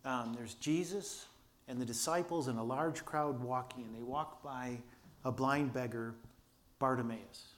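An older pastor preaches a sermon, earnestly telling a story with restarts and quiet asides, though vocal cord damage holds his voice back. He speaks in a mid-range voice at an unhurried pace.

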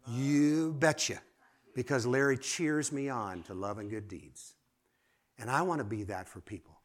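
A man delivers a sermon in an ordinary mid-pitched voice. He talks to his listeners like friends, quizzing them directly. His delivery rises to emphatic exclamations and sinks to hushed asides. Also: measured pace. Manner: lively, rising to exclamations and dropping to quiet asides; asks the audience direct questions. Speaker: preacher.

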